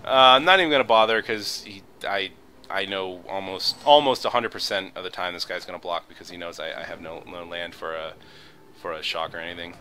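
A man's voice: sits low, steady tone, a little fast, pushed and bright, slight background noise. A man giving casual, joking commentary over his own card game, rambling and poking fun at himself. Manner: joking, self-deprecating, rambling with fillers. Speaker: gaming video commentator.

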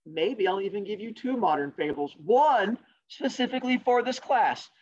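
A male teacher telling fables to an online class, jokey and animated, with sarcastic asides, in a dull lo-fi recording. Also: sits high, normal speed. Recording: dull lo-fi sound.

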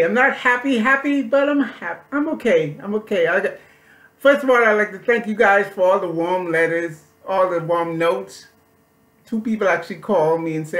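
A male comedian talking casually to his viewers, rambling and repeating himself with halting restarts. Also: high voice, a bit bright, echoey room. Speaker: comedian and vlogger. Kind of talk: casual chat to camera.

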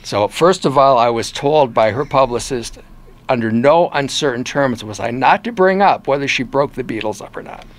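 An older man from Michigan with a local accent, a former reporter recounting interviews in a relaxed, animated conversational way. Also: medium pitch, moderate pace. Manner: animated storyteller who acts out quoted voices. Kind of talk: casual storytelling in an interview.

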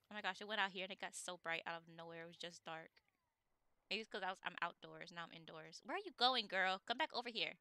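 A woman hosting a game let's play, talking through it in an excitable, gushing way. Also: mid-range voice, fairly quick, pauses often, clear, resonant tone, dry recording. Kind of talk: casual gameplay commentary.

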